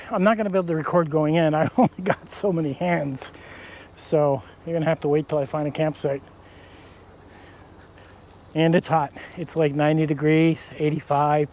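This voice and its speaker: Outdoor vlogger, male, slightly high voice, easygoing and rambling, recorded in the woods with faint crickets behind. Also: darkish tone. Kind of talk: casual camping vlog talk to camera. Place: outdoors in damp woods by a river. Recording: faint outdoor insect noise. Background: crickets and insects.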